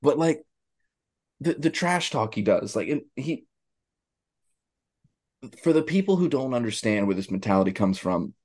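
A man co-hosting a podcast, chatting casually about sports in a rambling, animated way with many restarts. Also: medium pitch. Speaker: podcast co-host.

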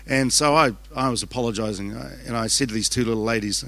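A man with a New Zealand accent preaching a conference sermon, fast and conversational, joking with the crowd as he goes. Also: medium pitch, vocal fry, fairly bright tone. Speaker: pastor. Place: church auditorium. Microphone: handheld microphone.

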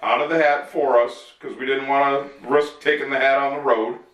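Man, podcast co-host, wisecracking, bright tone, distant from mic. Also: medium pitch, steady tone. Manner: wisecracking, quick retorts. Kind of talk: casual comedic podcast chat. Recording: echoey room, off mic.

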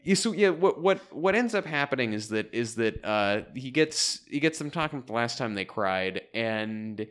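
A man's voice: mid-range voice, expressive, normal speed, few pauses, fairly bright tone. A man co-hosting a podcast, recapping a TV episode in casual chat with many restarts and asides. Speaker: podcast co-host.

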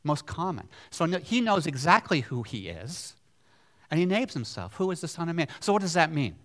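A man's voice: fairly high pitch, very animated, moderate pace, a bit bright. A man preaching a sermon, emphatic, repeating key words and putting questions to the congregation. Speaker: pastor.

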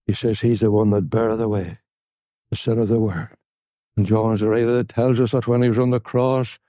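A man with a Northern Irish accent preaching an evangelistic gospel sermon, earnest, repeating words and slowing on key phrases for emphasis. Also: medium pitch, warm tone, dry recording, studio quality. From Northern Ireland. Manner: slows down and stresses key phrases.

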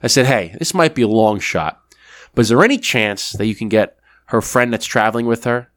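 A man's voice: medium pitch, expressive, a little fast, a bit bright, no echo, clean studio sound. A man co-hosting a podcast, telling a story in casual chat and acting out both sides of a phone call. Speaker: podcast co-host.

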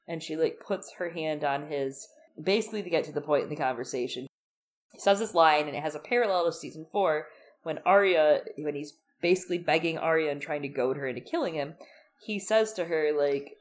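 Gushing, animated young woman. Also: low-pitched, normal speed. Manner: animated, gushing, acts out quotes with laughs. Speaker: podcast co-host. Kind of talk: casual chat recapping a TV episode.

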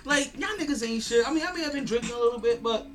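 A man's voice: extremely high pitch, fast. A man hosting a sports podcast, ranting in a casual monologue with stammered repeats and frequent laughter. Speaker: podcast host.

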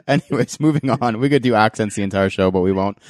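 Low-voiced laid-back podcast host, a man. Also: a little fast, a little mellow, no room sound, clean studio sound. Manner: laid-back, joking, frequent "like". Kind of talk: casual chat.

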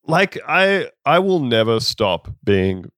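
A man's voice: medium pitch, big pitch swings, slow pace, fairly bright tone, dry recording. Casting: ranting male podcast host, dry close mic. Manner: swears, rants with exasperation. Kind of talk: casual chat.

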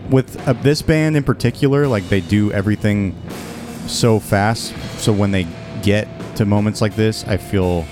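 Low-voiced man chatting about music. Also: normal speed. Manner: relaxed, rambling, with frequent restarts. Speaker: podcast co-host reviewing an album. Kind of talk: casual chat.

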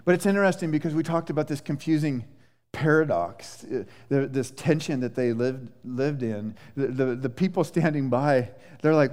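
A male pastor preaching a sermon in a conversational, animated way, with many restarts and fillers. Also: fairly high pitch, moderate pace. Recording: echoey church hall.

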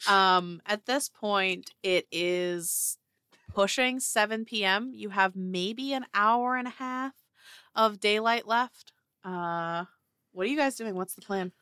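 A woman's voice: medium pitch, slow pace, a bit bright, dry recording, studio quality. A woman narrating as game master of a tabletop game, casual and laid-back with fillers.

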